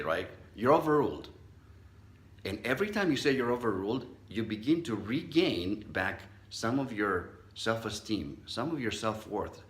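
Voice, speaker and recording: A man's voice: on the low side, fairly bright tone, echoey room. A middle-aged man, a psychologist, giving a motivational talk and telling a personal story, acting out the voices he quotes. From Southern California. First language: not English.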